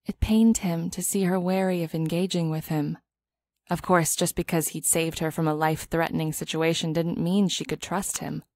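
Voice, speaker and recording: A woman narrating a romance audiobook in a calm, even storytelling manner. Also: low voice, moderate pace, no echo, clean studio sound. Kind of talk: scripted narration.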